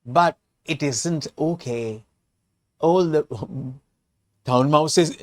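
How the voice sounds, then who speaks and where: A man with a Sri Lankan English accent, an English teacher walking learners through a storybook with slow, repetitive explanations. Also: medium pitch, a little mellow.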